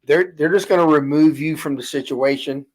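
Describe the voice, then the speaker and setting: A man's voice: on the high side, normal speed. A man co-hosting a casual podcast chat who often stammers and restarts his sentences and pushes back with short skeptical replies. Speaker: podcast co-host.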